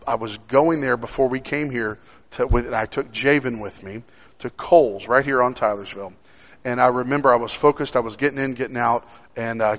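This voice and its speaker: A man's voice: mid-range voice, fairly bright tone. A young man preaching a sermon, telling a personal story in a conversational way with frequent restarts. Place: church sanctuary. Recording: dull sound with long hall reverb.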